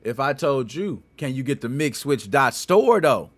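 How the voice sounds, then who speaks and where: A man hosting a casual gaming podcast, talking in animated, slangy banter and laughing often. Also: mid-range voice, unhurried, no room sound. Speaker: podcast host.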